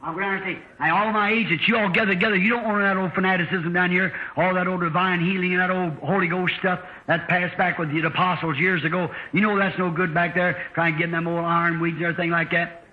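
A man's voice: sits high, fairly even intonation, fast talker, hardly any pauses, roomy sound. Man, preacher, folksy storytelling sermon, dull old tape. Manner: folksy storytelling preacher, acting out dialogue with shifting voices.

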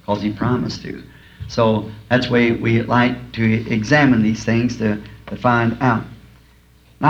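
A man preaching to a congregation, telling homespun stories and chuckling at his own jokes. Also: medium pitch. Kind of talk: folksy sermon with humorous anecdotes. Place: school auditorium before a congregation. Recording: dull lo-fi archival tape with faint hiss.

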